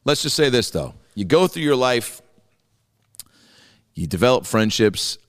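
A man's voice: medium pitch, very animated, measured pace, no room sound, studio quality, in a large hall. A man, a comedian hosting a podcast, rambling in a profane, casual monologue. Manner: profane, rambling, swears a lot.

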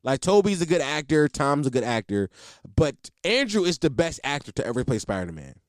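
A man's voice: on the high side, very animated, a little fast, dry recording, studio quality. A man hosting a podcast, chatting casually about a movie in a loose, emphatic way full of fillers and swearing. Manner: loose and emphatic, heavy on "like" and profanity. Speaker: podcast host. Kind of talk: casual movie review chat.

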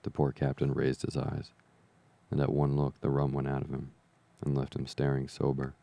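A man reading an adventure novel aloud as an audiobook narrator, in measured, even storytelling. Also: extremely low pitch, vocal fry, dry recording. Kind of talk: scripted narration.

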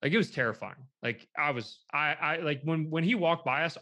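Young man telling a lively story. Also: on the high side, a little fast, hardly any pauses. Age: young adult. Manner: animated, quotes people in a lively way, lots of "like". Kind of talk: casual storytelling chat.

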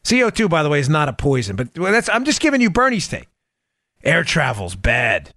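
A man hosts a political podcast in a bright, high voice. His delivery is animated and sarcastic, and he often slips into mocking impressions. The sound is dry and close, with no room echo. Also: fast. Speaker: podcast host. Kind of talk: political commentary monologue.

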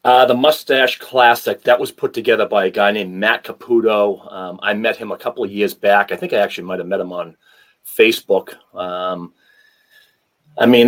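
A man from New England with a Boston accent, a former hockey player telling stories as a podcast guest. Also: lowish voice. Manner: relaxed storyteller with many um fillers. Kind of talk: podcast interview.

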